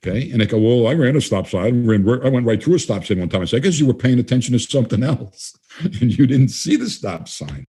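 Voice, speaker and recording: A man's voice: medium pitch, fast, slightly rough. A man answering interview questions, telling stories and acting out both sides of conversations. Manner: animated, acts out both sides of dialogues. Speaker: guest trainer.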